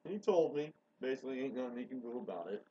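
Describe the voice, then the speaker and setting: Man, rambling monologue, excitable, foul-mouthed, husky voice, lively jumpy pitch, dull lo-fi recording. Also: fast talker. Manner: excitable, swears a lot, swings from mutters to outbursts. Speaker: show host.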